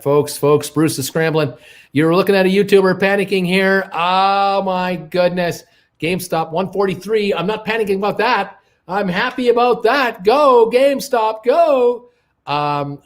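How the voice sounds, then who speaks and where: Flustered older man muttering on a livestream. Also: fairly high pitch. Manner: flustered, muttering to himself while searching. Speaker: stock market livestream host. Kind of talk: casual live-stream chat.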